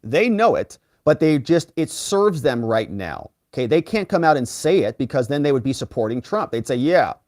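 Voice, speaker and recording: A man hosting a live legal commentary stream, reading out viewer comments and giving sarcastic, animated asides. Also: medium pitch, normal speed, hardly any pauses, dry recording, studio quality. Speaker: lawyer and livestream host.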